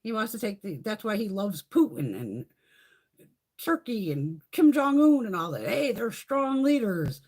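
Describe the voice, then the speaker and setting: A middle-aged woman hosting a live chat, ranting in a heated, profane, animated way. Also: medium pitch, normal speed, slightly rough. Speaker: live stream host. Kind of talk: casual live chat rant.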